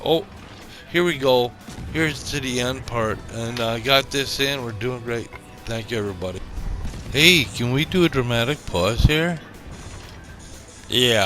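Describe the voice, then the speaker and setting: A man doing a rambling, jokey, unscripted voice-over of a naval battle game, laughing often. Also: mid-range voice. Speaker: gameplay commentator. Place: small home studio. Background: background music.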